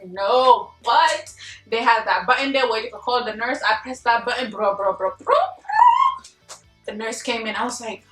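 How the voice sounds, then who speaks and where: An animated young woman with a fairly high voice tells her own story to camera, slangy and expressive, acting out her past yelling. She sounds a little distant from the mic, in an echoey room with faint music underneath. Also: a little fast. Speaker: vlogger.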